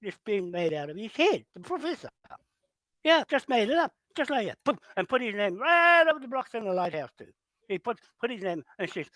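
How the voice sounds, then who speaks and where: A man's voice: high voice, big pitch swings, brisk, bright, forceful tone, dry recording. A man hosting a meeting, telling his story with animation and indignation. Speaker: meeting host. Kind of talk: casual meeting talk. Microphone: phone or camera held close, turned to show the room.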